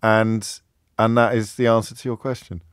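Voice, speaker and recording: Man hosting a lively radio phone-in. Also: lowish voice, clean tone, no echo, studio quality. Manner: quick, jokey, teasing banter with callers. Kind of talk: live radio phone-in chat. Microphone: studio microphone.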